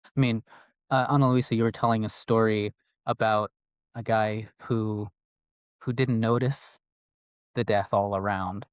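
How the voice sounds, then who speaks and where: Reflective man with a low voice. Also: steady tone, clear, resonant tone, dry recording, lo-fi sound. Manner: reflective, measured. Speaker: podcast co-host. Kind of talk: casual panel discussion.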